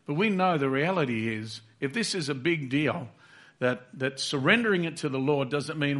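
A man's voice: a little high, animated, moderate pace, fairly bright tone. A man preaching a sermon, earnest and repetitive, acting out heartfelt prayers aloud.

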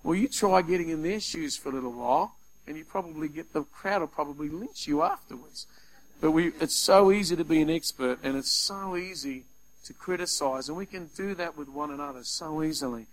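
Brief: male preacher, fairly high voice, animated sermon delivery with acted-out asides. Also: brisk, rough recording. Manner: animated, acts out little scenes in quoted voices.

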